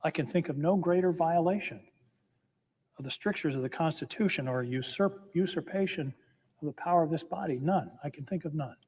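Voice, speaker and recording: A man's voice: a little high, brisk, a little mellow, husky. A man giving a formal, impassioned floor speech as a senator, emphatic and building with repeated phrases. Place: legislative chamber. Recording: long reverb of a large chamber.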